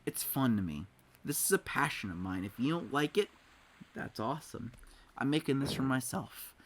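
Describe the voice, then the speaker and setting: A man's voice: medium pitch, very animated, moderate pace. A man in his twenties doing rambling, profane let's play commentary over a game. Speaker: gameplay commentator. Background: game music.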